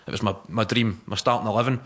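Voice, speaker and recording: A man's voice: lowish voice, steady tone, fast, a bit bright. A Scottish man, a stand-up comedian, chatting and joking in an interview. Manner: chatty, joking, laughs often. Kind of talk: casual interview chat. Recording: noisy recording with clicks.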